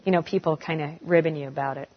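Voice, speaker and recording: A woman in her forties answering audience questions in a casual, animated way, acting out the voices of people she quotes. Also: deep voice, fast talker. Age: 40s. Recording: dull lo-fi recording.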